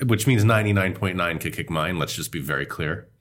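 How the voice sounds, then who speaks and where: A man co-hosting a podcast, chatting casually with relaxed, hesitant pacing and many fillers. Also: low-pitched, fairly quick. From United States. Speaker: podcast co-host.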